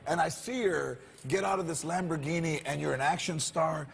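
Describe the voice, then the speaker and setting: Effusive high-voiced male talk show host. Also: normal speed, gravelly, a little hiss or hum. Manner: effusive, animated, laughing.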